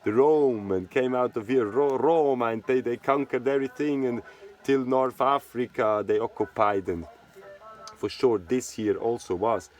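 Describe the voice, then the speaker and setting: A man's voice: medium pitch, measured pace, darkish tone. A man with a Swiss German accent, a native Swiss German speaker from Switzerland, giving a rambling casual history talk with constant "yeah?" tag questions.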